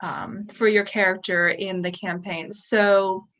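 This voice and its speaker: A woman's voice: medium pitch, little pitch movement, slow pace, a bit bright. A woman hosting a podcast, asking her guests curious follow-up questions. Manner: inquisitive, asks follow-up questions, upbeat. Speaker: podcast host. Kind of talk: casual podcast chat. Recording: dull lo-fi sound.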